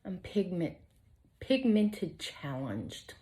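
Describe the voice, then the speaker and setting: A woman's voice: on the low side, sing-song, very slow, dark tone. A middle-aged woman, chatting casually and self-deprecatingly through her makeup routine, sometimes dropping to a whisper. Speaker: beauty vlogger. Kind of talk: casual makeup tutorial chat.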